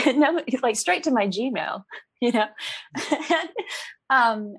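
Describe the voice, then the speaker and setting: An actress in a casual interview, talking in a chatty, animated way and laughing often. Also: female voice, a little high, unhurried, husky, dry recording. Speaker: actress guest.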